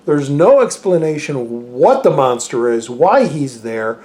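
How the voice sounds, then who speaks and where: A man's voice: medium pitch, very animated, unhurried, few pauses, a little mellow. A man giving a casual, rambling film review, exasperated and swearing freely. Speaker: movie reviewer.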